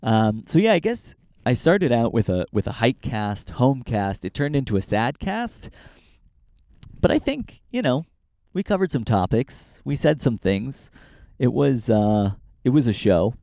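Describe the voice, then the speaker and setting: A man's voice: medium pitch, very animated, a little slow, dark tone, no room sound, clean studio sound. A young man from Northern California hosting his own podcast outdoors on a hiking trail, talking in a rambling, profane, self-deprecating way into a handheld camera as he walks. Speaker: podcast host. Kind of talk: casual walk-and-talk vlog.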